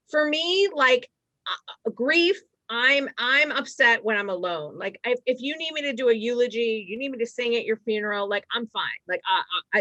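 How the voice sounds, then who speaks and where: A middle-aged woman comedian from Massachusetts tells long, rambling stories full of quick asides. Her voice sits a little high and sounds bright and forceful. The recording is dry and slightly dull. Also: no echo. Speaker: stand-up comedian guest. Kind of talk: casual storytelling chat.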